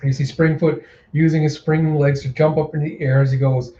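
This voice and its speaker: A man narrates a manga readthrough in a casual, plain way, with a few slips. His voice is mellow and a bit high. The sound is dull and lo-fi, in an echoey room. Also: little pitch movement, a little fast. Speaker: reader.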